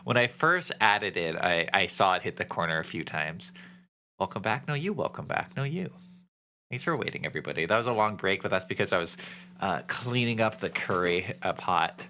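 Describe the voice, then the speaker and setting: A young man chatting casually while streaming a game, laid-back and joking, getting excitable. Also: sits low, normal speed, a little hiss or hum.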